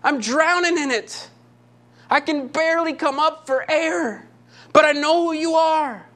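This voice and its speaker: Desperate dad begging over and over for his son, a preacher acting him out, high voice. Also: measured pace, a bit bright. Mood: pleading. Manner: pleading, repeating himself.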